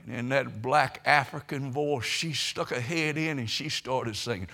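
A man preaching a sermon, telling stories and swelling into loud, emphatic preaching. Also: on the high side, unhurried.

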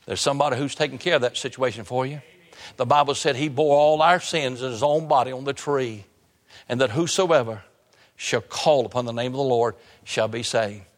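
Man preaching in a reverberant church. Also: mid-range voice. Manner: preaching with repetition and sudden slow emphasis. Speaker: pastor. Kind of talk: sermon. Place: church sanctuary. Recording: long hall reverb.

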